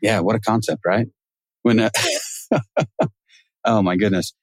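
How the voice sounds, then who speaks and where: A man's voice: lowish voice, steady tone, unhurried, a little mellow, no echo, faint music behind. A man hosting a podcast in a casual, joking conversational way, laughing often. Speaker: podcast host.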